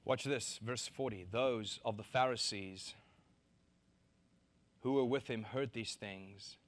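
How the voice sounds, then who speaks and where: A man preaching a sermon, animated, acting out quoted voices to mock them and laughing between his points. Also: fairly low pitch, slow. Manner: animated, acts out mocking quotes.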